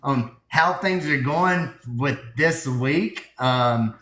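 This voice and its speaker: A man's voice: medium pitch, very slow, a bit bright, a little hiss or hum. Earnest Southern man in an echoey room. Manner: earnest, rambling, many fillers and restarts. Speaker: host of a crypto project live audio space. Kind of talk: casual live-stream talk. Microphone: phone in a holder.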